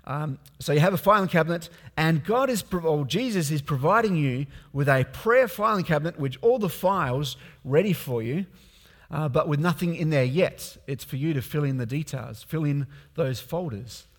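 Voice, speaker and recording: A man's voice: fairly high pitch, animated, moderate pace, long reverb tail. A man preaching a sermon as a pastor, speaking conversationally with many fillers and restarts.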